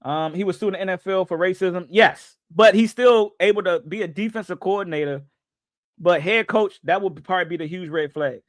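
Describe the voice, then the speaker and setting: A man's voice: high voice, normal speed, no room sound. A man hosting a live sports reaction stream, chatting loosely with viewers and joking as he goes. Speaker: livestream sports host.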